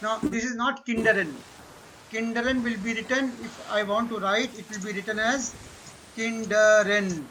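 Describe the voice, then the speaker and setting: A man teaching German pronunciation online, correcting a student and repeating words slowly. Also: very high voice, steady tone, pushed and bright, rough recording. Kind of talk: online language lesson.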